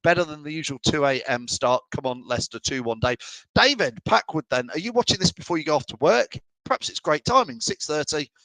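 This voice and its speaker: A man's voice: a little high, expressive, brisk, bright, forceful tone, dry recording, poor audio. A middle-aged man from England hosting a live fan show, chatting and teasing as he reads out viewers' messages. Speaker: fan channel host. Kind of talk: live stream chat reading comments.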